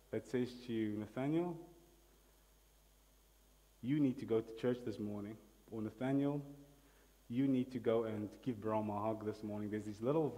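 A man preaching a sermon in a voice of ordinary middle pitch. His delivery is emphatic, and he calls on the congregation to repeat words after him. His voice rings with the long reverb of a large church hall. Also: darkish tone. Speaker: pastor.

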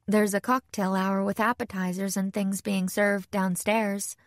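A woman's voice: mid-range voice, flat delivery, a little slow, no echo, clean studio sound, close to an everyday voice. A woman voicing a bubbly young woman, a model and older sister, with a breezy, gushing manner.

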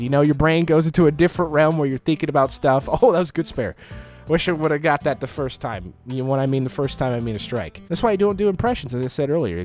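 Man, gaming commentator, lively swooping delivery, self-mocking jokes, frequent laughs, faint music behind. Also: fairly high pitch. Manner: joking and self-mocking, laughs often, sudden excited outbursts. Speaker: gaming YouTuber. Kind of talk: casual gameplay commentary. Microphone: close microphone.

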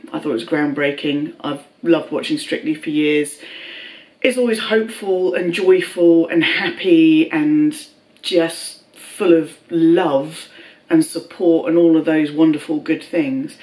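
A woman's voice: fairly low pitch, darkish tone, echoey room, far from the mic, low-quality recording. A woman vlogging casually from her home kitchen, chatting to viewers and her cats. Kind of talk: casual vlog chat.

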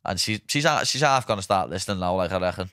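Lively young Liverpool man telling stories. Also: sits low, fast talker, no room sound, clean studio sound. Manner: animated anecdotes, swears freely, acts out quotes. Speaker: podcast host. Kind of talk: casual storytelling chat.

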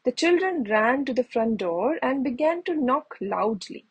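Brief: woman narrator for a kids' storybook, very breathy, slightly high voice. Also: expressive, unhurried, low-quality recording. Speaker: storybook reader. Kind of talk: bedtime story read-aloud.

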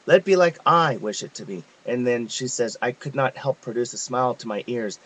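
A man reading a devotional text aloud, in a measured, reverent way with pauses. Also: medium pitch, a bit bright, rough recording. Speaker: reader of devotional messages.

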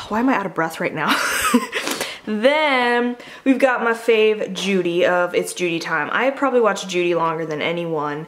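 A woman with a somewhat low voice unboxes beauty products in a relaxed, chatty way. She talks like a makeup artist, upbeat and full of casual asides. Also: normal speed. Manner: chatty and enthusiastic, with fillers.

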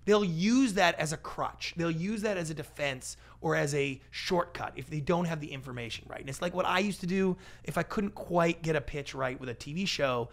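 A man speaking as a guest in a conversational podcast interview, an animated storyteller with a big, energetic personality who acts out what people said. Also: fairly high pitch, normal speed, hardly any pauses. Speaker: guest, pitch coach and TV producer.

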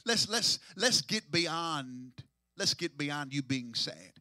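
A man a sermon as pastor, shouting and half-singing in rising waves and repeating phrases to draw responses. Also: a little high, lively intonation, slow pace, no room sound, clean studio sound. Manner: shouting, sing-song preaching with repetitions.

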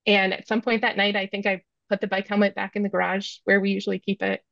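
A woman's voice: medium pitch, little pitch movement, fast, vocal fry, a bit bright, no room sound. A woman in her thirties tells a frank, self-reflective story as a podcast guest, filling it with lots of "like" and "um". Her voice sits in an ordinary middle range. The sound is dry and a bit dull, with a lo-fi quality. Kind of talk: candid storytelling.

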